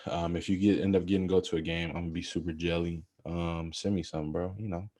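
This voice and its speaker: A young man co-hosting a podcast, chatting about basketball in a casual, animated, rambling way. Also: low-pitched, fast. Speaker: podcast co-host. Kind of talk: casual sports chat.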